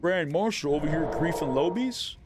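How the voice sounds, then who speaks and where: Over heavy background noise, a man streams a live game and provides casual commentary in a fairly high, expressive voice at normal speed. He's playful and taunting, teasing and talking directly to the enemy players he fights.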